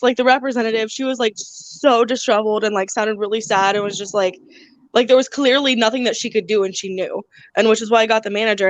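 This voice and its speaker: A woman's voice: on the high side, dry recording. Swearing, venting woman on a lo-fi stream. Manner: venting, frequent swearing and laughter. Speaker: channel host. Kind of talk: casual live-stream chat.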